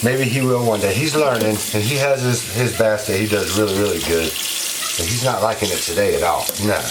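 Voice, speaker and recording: Guy sweet-talking his pet at bath time, voice bouncing up and down, faucet running loud. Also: fairly low pitch, background noise. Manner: coaxing baby talk to a pet. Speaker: pet owner vlogger. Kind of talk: casual chat while bathing a pet. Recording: loud running tap water behind. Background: running water from a tap.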